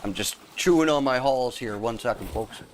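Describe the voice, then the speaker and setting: Chatting with his viewers while playing, a young streamer rambles, laughs a lot and calls out people in chat by name. He speaks at normal speed in a medium-pitched voice, with slight background noise.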